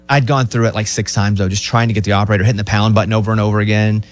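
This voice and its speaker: A man's voice: lowish voice, very fast, faint music behind. A man co-hosting a podcast, telling stories in casual chat. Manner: storytelling, animated retelling. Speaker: podcast co-host.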